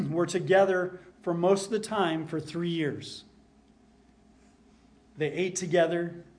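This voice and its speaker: A man preaching a sermon as pastor, earnest, repeating key lines for emphasis and dropping to a soft hush at times. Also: a little high.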